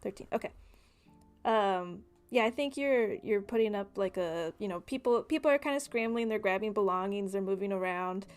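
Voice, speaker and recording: Woman, game master, casual narration, filler-heavy, mid pitch, faint music behind. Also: moderate pace, clean tone.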